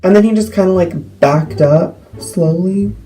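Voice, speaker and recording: A teenage boy telling a story to the camera in a rambling way, full of "like" and quick asides. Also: high voice, slight background noise, low-quality recording. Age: teens. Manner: rambling with many likes, animated retelling. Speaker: vlogger.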